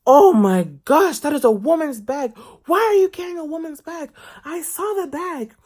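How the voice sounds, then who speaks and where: Man doing a shrill, scandalized older woman. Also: lively intonation, normal speed, darkish tone. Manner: shrill, repetitive prying questions. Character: disapproving older African woman, nosy and scandalized.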